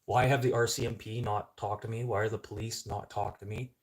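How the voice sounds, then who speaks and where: A middle-aged man from Canada rants straight to his viewers in a casual vlog. His voice sits fairly low, and his talk is blunt and full of swearing, with sudden outbursts breaking through. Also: steady tone, fairly quick. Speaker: vlogger. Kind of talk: casual ranting monologue.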